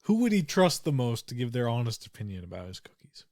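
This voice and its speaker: A man's voice: medium pitch, very animated, fast, darkish tone, no echo, studio quality. A man playing Mavis, an older woman baker who hints at secrets in a conspiratorial way. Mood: secretive. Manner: cryptic, conspiratorial. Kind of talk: tabletop role-play.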